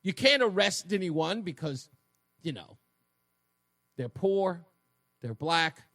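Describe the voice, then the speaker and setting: A man's voice: sits high, very animated, slow, fairly bright tone, dry recording, clean studio sound. A man in his fifties hosting a talk radio show, telling a story with sarcastic asides. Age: 50s. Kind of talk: opinionated talk radio monologue. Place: radio studio. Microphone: studio microphone.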